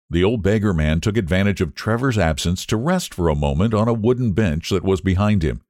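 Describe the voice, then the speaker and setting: A man narrating a story in a measured, expressive storytelling manner. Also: deep voice, no echo, clean studio sound. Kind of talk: audiobook narration.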